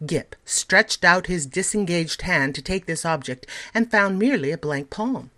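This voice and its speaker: A woman teacher reading a story aloud in an expressive, measured way. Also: on the low side.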